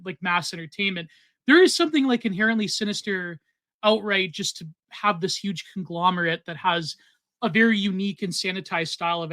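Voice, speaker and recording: A man's voice: high voice, bright, forceful tone, dry recording. A man hosting a casual conversation, hedging his points with lots of fillers. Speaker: podcast host.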